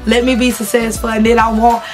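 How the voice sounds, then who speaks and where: A woman's voice: a little high, level tone, brisk, faint music behind. A woman, telling candid, laughing stories to her vlog audience. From Southern United States. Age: 20s. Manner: chatty, laughing, slangy and candid. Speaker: vlogger. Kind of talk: casual storytelling to camera.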